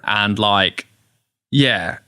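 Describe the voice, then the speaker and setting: A man, a gig promoter, telling a story in a casual podcast interview, with animated retellings and frequent laughs. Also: fairly low pitch, drawn-out words, smooth, dry recording, studio quality. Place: podcast studio.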